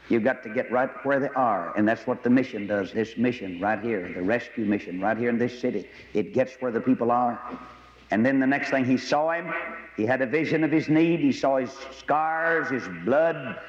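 Folksy preacher in a reverberant hall. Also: male voice. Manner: folksy storytelling, with sudden high excited bursts. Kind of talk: sermon. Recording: dull lo-fi audio with long hall reverb.

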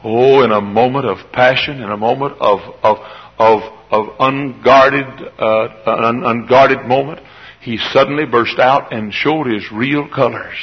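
A man preaching a revival sermon at a church service, hammering repeated phrases and swinging between loud shouts and hushed tones. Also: medium pitch, fairly even intonation, unhurried. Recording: dull lo-fi recording.

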